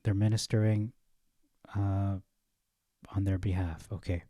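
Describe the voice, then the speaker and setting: A man with a low, mellow voice works through scripture verse by verse. He thinks aloud, stops on fillers and corrects himself as he goes. The recording is close and dry. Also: level tone, unhurried, dry recording. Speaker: Bible study teacher. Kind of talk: reading and commenting on scripture.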